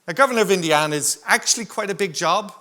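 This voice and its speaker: On a conference hall stage, a man moderating a panel tells the audience a funny anecdote. His high, bright, forceful voice moves at a quick pace as he jokes his way through the story.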